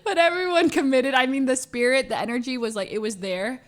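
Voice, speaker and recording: A young woman streamer telling a story casually, animated, laughing often and full of fillers. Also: high-pitched, a little fast.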